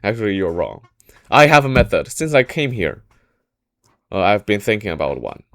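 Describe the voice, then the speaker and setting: A man's voice: on the low side, sing-song, normal speed, no room sound, clean studio sound. A man voicing an ambitious, bold warlord who mocks the weeping ministers as cowards, in a casual storytelling style. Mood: fierce resolve. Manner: mocking, then declaring loudly.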